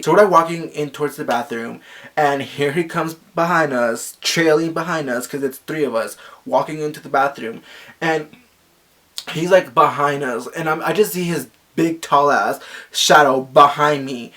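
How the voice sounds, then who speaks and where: A young man telling a story casually, animated and gossipy, filling his talk with "like" and acting out the quotes loudly. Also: normal speed. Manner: animated, acts out quotes with sharp jumps in pitch and volume; gossipy, frequent "like" fillers. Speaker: vlogger.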